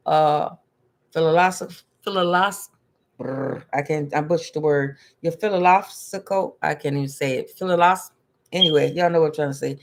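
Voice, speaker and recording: A tarot and numerology reader talking casually to live-stream viewers, chatty and repetitive, tripping over hard words and laughing at their own slips. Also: medium pitch.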